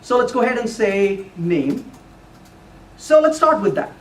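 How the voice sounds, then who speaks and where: A man giving a technical talk with live coding to a user group, animated and playful, now and then putting on a mock voice for the compiler. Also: sits high, a little slow. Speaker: conference speaker. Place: lecture room at a user group meeting. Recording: echoey room, voice from far off.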